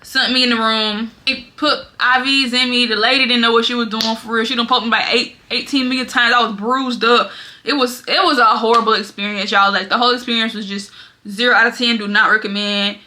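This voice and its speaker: A young woman vlogger telling stories in a lively, dramatic way, often talking straight to her viewers. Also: fairly high pitch, a little fast. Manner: animated, dramatic storytelling, often addresses viewers as y'all. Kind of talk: casual storytelling vlog.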